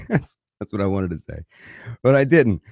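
Guy ranting through a travel story, low voice that swings all over, cussing a lot, dry close sound. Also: a little fast, gravelly, dry recording. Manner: animated, swearing freely. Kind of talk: casual profane storytelling.

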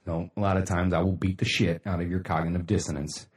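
A man hosting a casual motivational livestream, talking bluntly with lots of swearing and shout-outs to viewers. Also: low voice, level tone, quick pace, reverberant, distant mic. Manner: blunt, profane, rambling, laughs often. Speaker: livestream host.

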